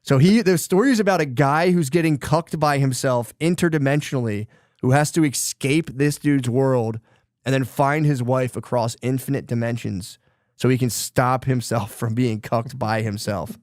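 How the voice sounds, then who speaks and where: A man's voice: medium pitch, moderate pace, a little mellow, no echo. Dry-voiced rambling podcast guy. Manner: rambling, profane, lots of fillers and quoted voices. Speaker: podcast co-host. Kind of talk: casual chat, retelling a book plot.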